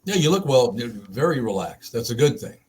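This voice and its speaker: A male radio host chats loosely in a studio, drifting into long anecdotes and breaking into laughter. His voice sits at an ordinary pitch with a slightly husky edge. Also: sing-song, fairly quick, a little mellow. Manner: rambling storyteller, laughing, mimics voices. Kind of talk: casual studio chat.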